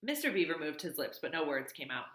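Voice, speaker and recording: Low-voiced woman reading a novel aloud. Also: very animated, fast talker, pushed and bright, echoey room, rough recording. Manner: plain reading with slips and self-corrections. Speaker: reader.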